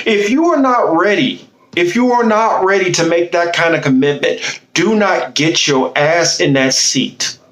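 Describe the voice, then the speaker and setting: A man's voice: on the high side, a bit bright, roomy sound, low-quality recording. A man delivering a blunt, fiery political monologue, impassioned and swearing freely. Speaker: political commentator.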